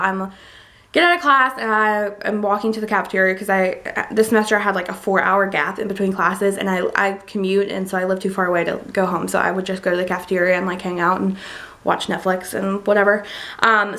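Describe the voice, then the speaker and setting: A young woman in college telling a personal story in a casual, chatty vlog, full of fillers. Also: medium pitch. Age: young adult. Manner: chatty, lots of likes and ums, gets excited retelling. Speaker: college student vlogger.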